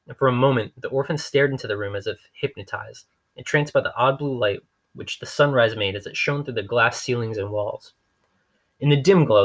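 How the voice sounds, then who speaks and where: A man reading a novel aloud in a dry, wry storytelling manner. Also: medium pitch. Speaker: reader.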